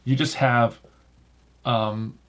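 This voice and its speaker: A man's voice: mid-range voice, fairly even intonation, extremely slow, fairly bright tone. A man hosting a podcast in casual chat, rambling with lots of fillers and restarts. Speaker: podcast host.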